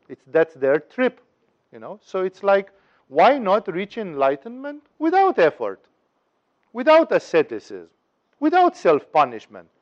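A man giving a spiritual teaching talk, telling parables with wry humor and acting out their voices. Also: fairly high pitch. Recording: dull lo-fi recording.

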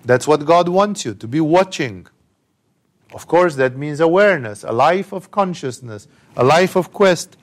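A man's voice: fairly high pitch, expressive, measured pace. A man giving a conversational scripture commentary with emphatic rhetorical asides. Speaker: spiritual teacher.

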